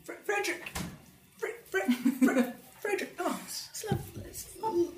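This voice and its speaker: Giggly, unrefined young lady who stammers, as a player puts her on; high and animated, echoey room. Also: normal speed. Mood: flustered. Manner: stammering, breathless. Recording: echoey room, faint noise.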